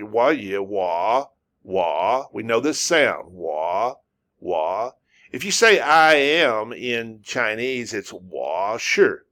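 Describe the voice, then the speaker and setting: A man's voice: mid-range voice, fairly bright tone. A man teaching a language lesson, patiently repeating words and sounds over and over. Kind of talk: slow, repetitive language lesson.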